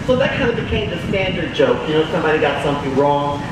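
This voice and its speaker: Animated storyteller, high and lively. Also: male voice, fast, few pauses. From Beaumont, Texas. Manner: animated, acts out children's voices. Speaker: storyteller and schoolteacher. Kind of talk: live storytelling to an audience. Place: outdoor downtown festival stage. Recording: distant, echoey outdoor sound with noise.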